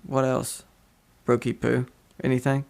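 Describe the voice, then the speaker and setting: Gravelly-voiced man rambling casually. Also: mid-range voice, level tone, a little slow, darkish tone. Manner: rambling, lots of fillers and restarts. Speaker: podcast host. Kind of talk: casual chat.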